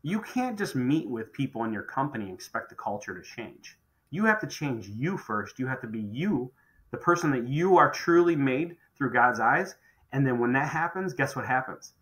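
A middle-aged man who heads a contracting business speaks animatedly at normal speed in a mid-range, somewhat bright voice. It's a podcast conversation on a low-quality recording, and he's emphatic, often repeating phrases as he begins again.

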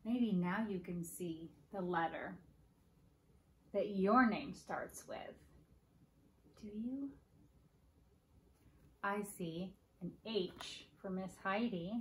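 A woman hosting preschool story time, reading picture books aloud in a slow, sing-song way and playfully acting out animal noises for children. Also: medium pitch, echoey room, a little hiss or hum.

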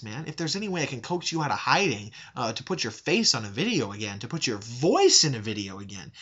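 A man's voice: medium pitch, sing-song, a little fast, few pauses, pushed and bright, slightly rough, muffled recording. A man making a direct-to-camera video response, earnest and pleading, openly aggravated at the person he addresses. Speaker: YouTube video maker.

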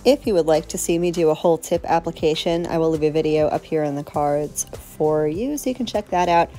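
A woman's voice: deep voice, brisk, dark tone, faint music behind. A woman chatting casually while demonstrating a nail tutorial, friendly and talkative, with a light allergy cough. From South Florida. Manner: chatty, friendly, laughs easily.

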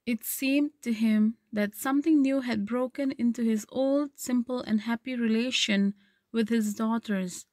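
A woman's voice: fairly high pitch, a little slow, a little mellow, no echo. A woman teacher who reads a story passage aloud, then paraphrases and explains it, checking with "okay". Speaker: literature teacher.

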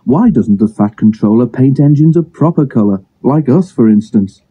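A man's voice: mid-range voice, expressive, moderate pace, breathy edge. Bill, a man doing a cheeky young twin engine. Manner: teasing, cheeky. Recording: dull lo-fi phone recording.

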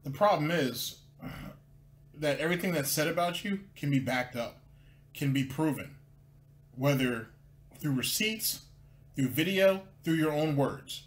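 Sarcastic guy doing clip commentary, kinda high voice, bounces all over the place. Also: lively intonation. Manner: sarcastic, halting, repeats words. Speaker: commentary host. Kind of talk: casual commentary over clips.

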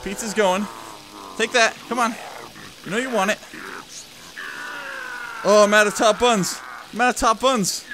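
A man giving frantic, excitable commentary while playing a video game, often mocking himself. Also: high voice, a little slow, pauses often, noisy background. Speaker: gameplay video host. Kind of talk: casual gameplay commentary.

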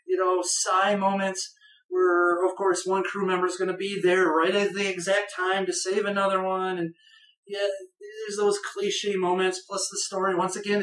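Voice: medium pitch, fairly bright tone. A person giving a casual spoken film review in a rambling, conversational way, with bursts of enthusiasm. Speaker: movie reviewer. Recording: roomy echo, voice far from the mic.

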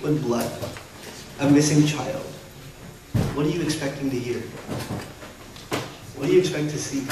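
A man preaching a sermon to parents, animated and humorous, acting out parents and kids. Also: a little high, unhurried, long pauses, noisy background. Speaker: Muslim preacher. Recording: roomy hall echo from a distance.

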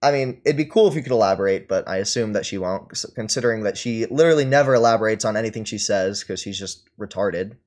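A man's voice: fairly low pitch, quick pace, few pauses, a little mellow. A man ranting at his live stream chat, mocking and taunting his target and laughing at them. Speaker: streamer reading and answering chat.

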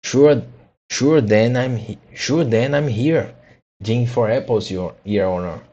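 A man's voice: mid-range voice, unhurried, dark tone, lo-fi sound, close to an everyday voice. A man voicing a timid male laborer who answers hesitantly and deferentially. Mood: meek.

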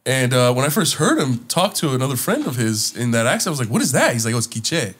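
A man co-hosting a casual podcast chat, telling animated stories that get loud when he is worked up. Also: medium pitch, quick pace, breathy edge. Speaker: podcast co-host.

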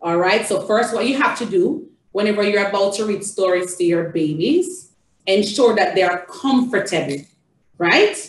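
A woman's voice: mid-range voice, lively intonation, moderate pace, reverberant, distant mic, rough recording. A woman with a Jamaican accent, an early childhood educator, shows parents how to read a storybook to a small child in a sing-song, coaxing way. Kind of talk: demonstrating reading a storybook to a toddler.

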